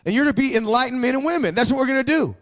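Male pastor with a high voice, emphatic sermon delivery, call-and-response. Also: animated, rapid-fire.

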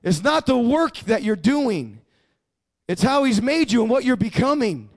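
High-voiced man preaching emphatically. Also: very animated, unhurried. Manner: emphatic preaching with call-and-response prompts. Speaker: pastor. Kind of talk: sermon.

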